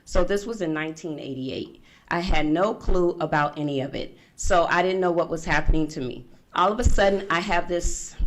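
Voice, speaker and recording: A middle-aged woman speaking at a forum, telling a personal story to an audience and acting out the voices of the people in it. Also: lowish voice. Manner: animated storyteller acting out past conversations. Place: conference room.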